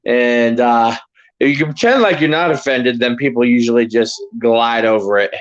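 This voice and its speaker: A man co-hosting a casual podcast, chatting and rambling through halting freestyle rhymes. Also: medium pitch, lo-fi sound. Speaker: podcast co-host. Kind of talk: casual chat and freestyle rapping.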